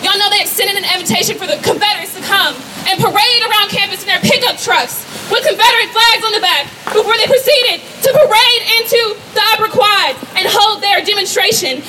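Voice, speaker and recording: A woman's voice: very high-pitched, brisk, hardly any pauses. A young woman giving an impassioned protest speech at an outdoor campus rally, firing rhetorical questions at the crowd. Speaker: student rally speaker. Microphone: rally sound system. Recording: distant voice over crowd and noise.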